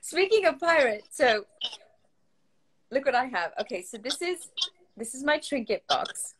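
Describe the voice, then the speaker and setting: A woman's voice: high-pitched, sing-song, measured pace, a bit bright, husky, poor audio. A woman hosting a casual talk show, chatting and telling stories with giggles. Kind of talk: casual chat.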